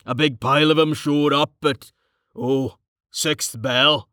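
A man's voice: on the high side, steady tone, takes it slowly, fairly bright tone, clear, resonant tone, no echo, clean studio sound, voice pushed up. A man doing an easygoing, coarse camp cook.

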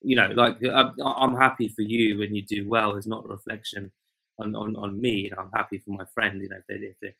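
A man talks through his thoughts on a podcast, stumbling and repeating words as he goes. His low voice is gravelly and husky, yet bright in tone, and the recording is dry and close. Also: level tone, brisk, dry recording, low-quality recording. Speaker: podcast co-host. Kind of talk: casual chat.

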